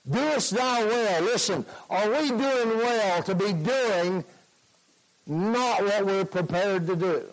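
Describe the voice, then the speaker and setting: A man preaching a sermon, slow and emphatic, repeating his points. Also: high-pitched, rough recording.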